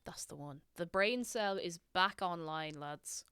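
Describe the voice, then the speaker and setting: A woman's voice: fairly low pitch, a little slow, over music. A woman with an Irish accent, chatting to her viewers in a casual, scatterbrained way while she plays a game. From Ireland. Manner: chatty, scatterbrained, talks to chat. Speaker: streamer. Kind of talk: casual gaming stream chat.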